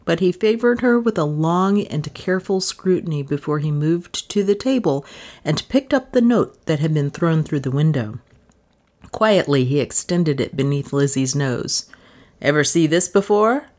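A woman's voice: low-pitched, animated, moderate pace, darkish tone. A woman reading a mystery novel aloud as an audiobook narrator, telling the story expressively. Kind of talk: scripted narration.

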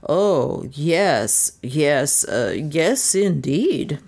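A woman's voice: sits low, darkish tone. A woman playing a stammering young gardener. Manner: hesitant, stammering, halting. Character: nervous young man posing as gardener.

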